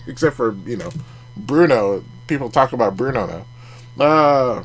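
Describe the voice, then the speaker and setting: A man's voice: mid-range voice, normal speed, soft background music. A man hosting a casual card review vlog, chatty and making jokey asides as he goes. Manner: chatty, jokey asides, laughs at own remarks. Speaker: card collecting channel host.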